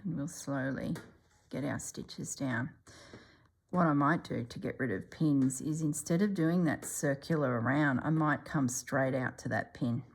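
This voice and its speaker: A middle-aged woman, chatting casually as she stitches for her channel and often dropping to a soft whisper. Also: very deep voice, measured pace, gravelly, slightly rough. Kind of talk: casual stitching vlog chat.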